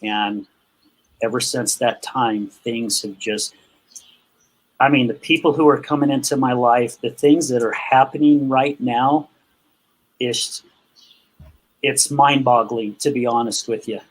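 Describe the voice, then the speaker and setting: A man's voice: steady tone, unhurried, long pauses. A man as a podcast guest, candidly telling a personal story about his past anger and acting out the dialogue with growing emotion. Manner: emotional, acts out quotes with rising pitch.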